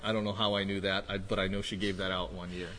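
A male pastor preaching a sermon, moving from quiet reflection to loud, animated storytelling. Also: sits low, fast, a little hiss or hum. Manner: builds from quiet musing to loud excited storytelling. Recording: echoey hall reverb.

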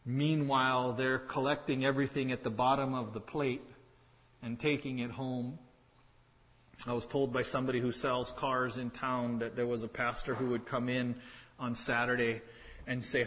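A man's voice: mid-range voice, steady tone, a little slow, a bit bright, big-room sound, low-quality recording. A man preaching a sermon as pastor, in a conversational way with wry asides and pointed repetition.

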